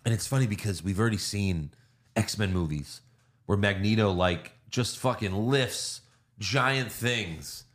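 A man's voice: lowish voice, measured pace. A man hosting a casual movie review podcast, retelling scenes and acting out lines with plenty of swearing. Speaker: podcast host.

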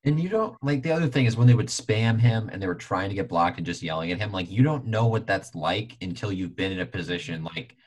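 A man hosting a sports podcast, talking in an animated, exasperated casual chat. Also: husky. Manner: animated, exasperated, quick to jump in pitch. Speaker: podcast host.

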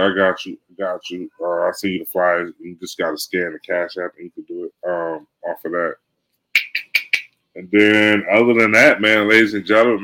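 A man with a fairly low voice and a bright, forward edge talks sports in relaxed, teasing podcast banter. He ribs his co-host and swears casually. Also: rough recording. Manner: laid-back, teasing banter.

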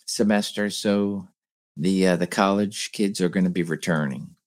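A man from Philadelphia chats easily as a podcast co-host. His voice is low and deep, and his relaxed, friendly delivery stops and restarts often. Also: moderate pace. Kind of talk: casual chat.

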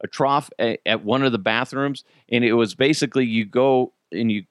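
A man hosting a podcast in casual chat, animated and profane, jumping into other people's voices. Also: medium pitch, normal speed, clean tone, no room sound, clean studio sound. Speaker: podcast host.

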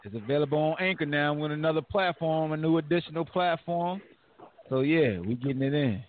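A man hosting a sports call-in show, joking and laughing with his friends. His voice sits a little high and comes through thin and phone-like. A faint hiss sits underneath. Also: brisk. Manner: playful, loose, laughs often. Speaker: podcast host. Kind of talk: casual sports call-in banter. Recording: tinny phone-line sound with faint noise.

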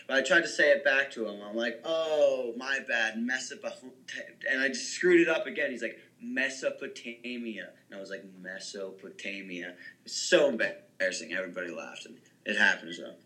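A man's voice: mid-range voice, expressive, fairly quick, hardly any pauses, bright, forceful tone, rough recording. A young man co-hosting a podcast, rambling through a story in casual chat. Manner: rambling, self-deprecating. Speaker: podcast co-host.

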